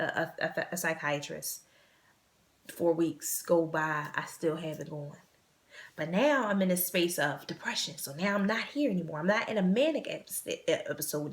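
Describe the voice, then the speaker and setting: A woman vlog host telling a personal story in an earnest, halting way, repeating phrases and sometimes dropping to a hush. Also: fairly low pitch, creaky.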